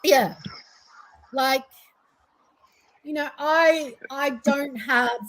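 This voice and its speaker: An Australian woman guest on a casual podcast, talking with animated energy and sarcastic asides. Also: sits high, extremely slow, rough recording. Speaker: guest advocate.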